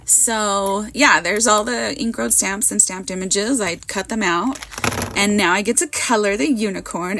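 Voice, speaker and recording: A woman with a hoarse voice from a cold, doing a casual voiceover of her card making, bubbly and giggly and poking fun at herself. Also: medium pitch, a bit bright. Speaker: card maker.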